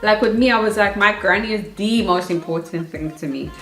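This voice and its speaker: A young woman talks straight to camera in a chatty, animated way. She acts out her own past nerves as she gives advice. Her voice sits at a middle pitch, and the room around her is echoey. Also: brisk, faint music behind. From South Africa. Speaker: vlogger. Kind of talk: casual advice vlog.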